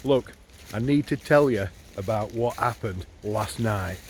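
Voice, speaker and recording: A man's voice: on the low side, a little slow, slight background noise. A man telling a comic pub tale in a rambling, chatty way. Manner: rambling, chatty, with many fillers. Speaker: comic storyteller.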